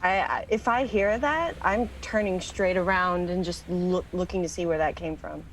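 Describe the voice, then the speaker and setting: A woman's voice: lowish voice, moderate pace, a little hiss or hum, low-quality recording. A woman playing in a tabletop game, eagerly describing what her character does. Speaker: player. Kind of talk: casual tabletop play.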